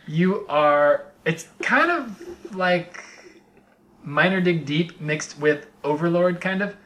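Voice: medium pitch, animated, takes it slowly, a bit bright, a little hiss or hum. A podcast host leads the casual chat with a mid-range voice. Keeps asking questions and laughs easily. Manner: inquisitive, laughs often.

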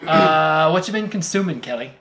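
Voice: medium pitch, lively intonation, moderate pace, a bit bright. A podcast host leading a casual chat among friends, joking and laughing often.

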